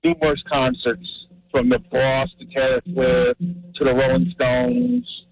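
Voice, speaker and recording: A man's voice: medium pitch, very animated, a little slow, no echo, faint music behind. A man from New Jersey calling in to a radio show, telling stories eagerly with lots of fillers. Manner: eager storyteller, many fillers. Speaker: caller. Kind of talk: call-in radio talk. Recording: tinny phone line.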